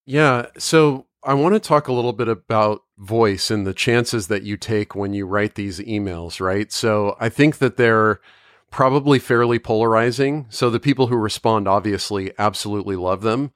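A man hosting an interview, asking thoughtful, measured questions. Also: fairly low pitch, no echo, clean studio sound. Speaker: interview host.

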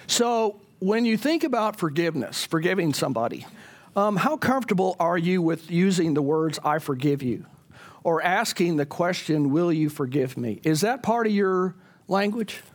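A man's voice: high-pitched, animated, moderate pace. A man, a pastor, leading a church Bible class in a conversational way, often putting questions to the group.

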